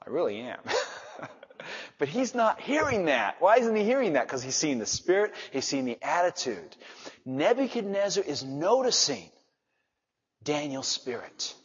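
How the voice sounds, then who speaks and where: A man preaching a sermon, his slightly husky voice swinging from soft asides to loud emphasis. The recording is dull and muffled, with a long reverb trailing each phrase. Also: a little high, very animated, unhurried. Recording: dull reverberant hall sound.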